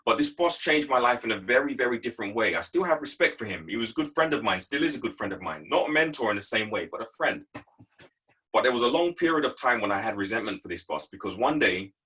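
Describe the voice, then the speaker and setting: A man's voice: medium pitch, sing-song, fast, bright, forceful tone, slightly rough, low-quality recording. A man giving a motivational talk, telling stories from his working life in an emphatic, repetitive way. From England. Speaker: guest speaker. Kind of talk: motivational talk on a video call.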